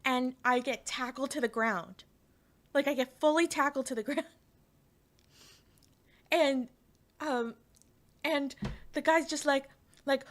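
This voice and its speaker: A woman's voice: high-pitched, a little slow, pauses often. A young woman from Canada, streaming and telling a story in a rambling, laughing way with lots of fillers and restarts, talking to her chat.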